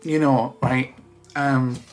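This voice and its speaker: A man talking through tears in a casual vlog, halting and restarting with many fillers as he thanks friends. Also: medium pitch, little pitch movement, faint music behind. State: crying. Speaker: vlogger.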